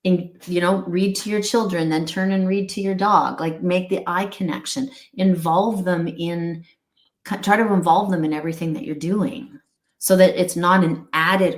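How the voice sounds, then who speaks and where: A woman's voice: on the low side, steady tone, normal speed. Earnest woman in an echoey room. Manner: earnest, rambling with restarts and acted-out quotes. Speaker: guest, pet wellness company founder. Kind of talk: candid interview talk.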